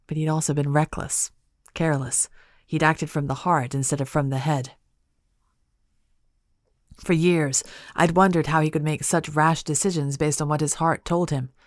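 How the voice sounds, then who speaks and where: Low-voiced woman narrating an audiobook. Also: no room sound, studio quality. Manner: measured, expressive storytelling.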